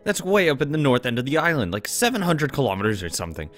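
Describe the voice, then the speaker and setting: A young man casually commenting on a visual novel he is playing, sarcastic and quick to swear. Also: medium pitch, very animated, fairly bright tone, soft background music. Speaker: let's play reader.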